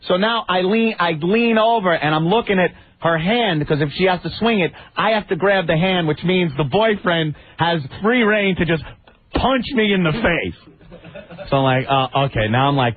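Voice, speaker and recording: A man's voice: high voice, normal speed. A man co-hosting a radio talk show, telling a story animatedly and acting out the people in it. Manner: animated, acts out the people in his stories. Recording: tinny phone-like radio audio.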